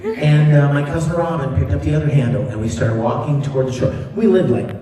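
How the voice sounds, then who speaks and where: Lively higher-voiced guy telling stories onstage, far off mic, big echoey hall, crowd laughing. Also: fairly quick. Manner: animated, laughing storyteller. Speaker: voice actor at a convention panel. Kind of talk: convention Q&A storytelling. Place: large convention hall with audience. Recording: distant fan recording in echoey hall.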